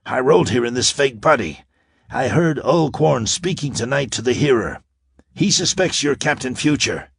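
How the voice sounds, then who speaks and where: A man voicing an old scientist who lives as a brain in a metal case, with a rasping, metallic whisper and an urgent, fatherly way of talking. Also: medium pitch, animated, normal speed, no echo.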